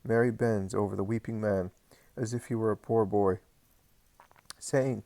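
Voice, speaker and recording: A man reading a religious story aloud in measured, earnest narration. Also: on the low side, steady tone, gravelly, warm tone, no room sound. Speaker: audiobook reader. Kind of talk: scripted narration.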